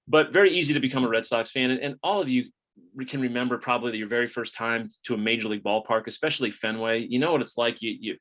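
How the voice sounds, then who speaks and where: A middle-aged man speaks from home over a video call, his voice in an ordinary middle register. He tells stories in a relaxed, conversational way, often restarting his sentences. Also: medium pitch. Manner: conversational, chatty, many restarts. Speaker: author giving a talk. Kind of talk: casual storytelling talk. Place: home, indoors.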